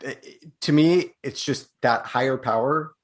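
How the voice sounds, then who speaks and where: A man's voice: mid-range voice, a little slow. A man hosting a podcast, reflecting on his guest's story and asking open follow-up questions. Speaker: podcast host. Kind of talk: conversational interview.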